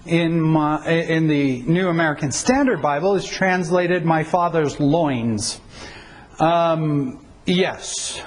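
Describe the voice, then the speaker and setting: A man's voice: fairly high pitch, steady tone, slow, rough recording. A middle-aged man pastor giving an informal teaching talk on Bible translation, conversational and wry, stopping often to correct himself. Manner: conversational, self-correcting, uses anecdotes and wry humor.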